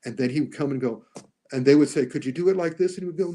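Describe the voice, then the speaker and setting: A man talking casually as a podcast guest about films, animated, often acting out lines he quotes. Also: fairly high pitch, rapid-fire. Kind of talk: casual podcast movie discussion.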